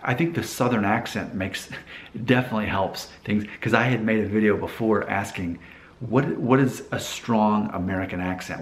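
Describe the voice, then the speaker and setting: A man's voice: on the low side, reverberant. A man in casual vlog talk, rambling a little, with restarts and asides. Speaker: vlogger. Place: Nashville.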